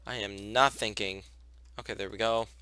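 Over soft background music, this young gaming channel host talks through a life-sim game in casual let's play style, speaking to his characters and gushing at cute moments. He sounds fairly low and even in intonation at a moderate pace, with slight background noise.

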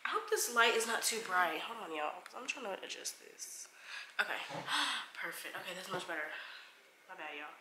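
A woman's voice: medium pitch, animated, normal speed, roomy sound, noisy background. A young woman chatting casually to her viewers, gushing over baby shower gifts and calling them y'all. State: expecting a baby. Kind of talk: casual haul vlog.

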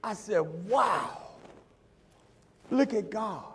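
A middle-aged man preaching a sermon, telling a story and acting out the dialogue before building to shouts. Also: high-pitched, expressive, extremely slow, slightly rough. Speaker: pastor. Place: church sanctuary. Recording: church hall with long reverb.

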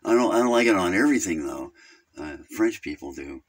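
A man's voice: sits low, animated, fairly quick. A man playing a naive, rambling caller named Virgil who keeps drifting off topic on a phone call. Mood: chatty. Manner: rambling, easily sidetracked, crude. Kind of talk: comedic character phone call.

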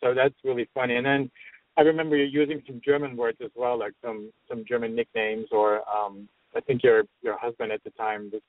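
Halting man on a phone line. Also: mid-range voice, little pitch movement, no echo. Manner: halting, filler-heavy, amused. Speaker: hypnotherapist guest. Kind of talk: casual interview talk. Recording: tinny phone-line radio sound.

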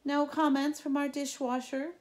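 A woman voicing a sinister, spiteful old male king who talks slowly and slyly, dropping to a croaking, menacing whisper and barking sudden orders. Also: high voice, little pitch movement, voice pushed up, lightly acted. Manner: slow, sly storytelling with sudden loud orders.

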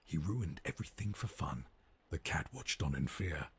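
A very deep, husky male narrator of a game's storybook, reading in a slow, lilting bedtime cadence. His pitch rolls widely up and down as he tells the rhyme. The tone stays solemn and gentle. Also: lively intonation, exaggerated voice. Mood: storytelling.

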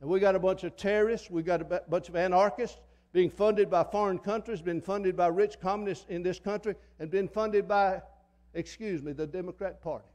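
A man's voice: high-pitched, fairly even intonation, fairly quick, a little mellow. An older man preaching a sermon in a church, in a fiery, folksy manner that repeats phrases for emphasis. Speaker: pastor. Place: church sanctuary.

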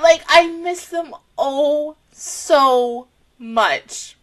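A woman hosting an anime reaction video, talking in a casual, rambling, excitable and emotional way. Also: high-pitched, slow.

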